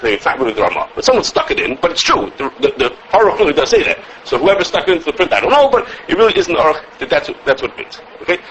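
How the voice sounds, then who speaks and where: A man giving a halacha class as a teacher, animated, often repeating words and checking with "okay?". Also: on the high side, quick pace, few pauses, slight background noise, rough recording. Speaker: Torah teacher.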